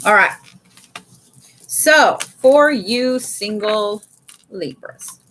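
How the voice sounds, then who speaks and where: A woman's voice: medium pitch, expressive, drawn-out words, a bit bright, slight background noise. A woman giving a casual live card reading, blunt and chatty, swearing freely and calling her viewers y'all. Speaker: tarot and oracle card reader.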